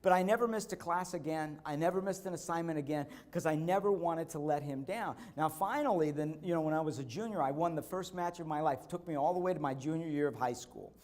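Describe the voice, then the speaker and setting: Keynote speaker, man, higher-pitched, lively storyteller who repeats lines for effect and acts out quotes. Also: fast, hardly any pauses. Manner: animated storytelling, repeating key phrases; acts out quotes, bursting into shouts. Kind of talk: motivational conference speech with personal stories. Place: conference stage.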